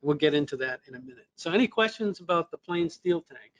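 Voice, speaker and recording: A man's voice: on the high side, animated, fast, fairly bright tone, slight background noise. A man presenting a technical webinar lesson, explaining step by step with fillers and restarts, his voice a little worn. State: losing his voice.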